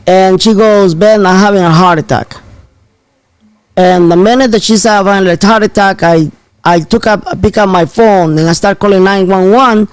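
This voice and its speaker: A man hosting an online talk, telling a story in an excitable, animated way and repeating himself. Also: sits high, moderate pace, clean tone, no echo. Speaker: host. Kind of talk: casual storytelling.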